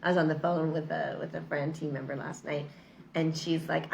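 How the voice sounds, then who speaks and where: Gravelly-voiced woman, chatty and upbeat. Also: low-pitched, steady tone, a little fast, a little mellow. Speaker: vlogger. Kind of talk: casual motivational vlog. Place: lives in Mexico.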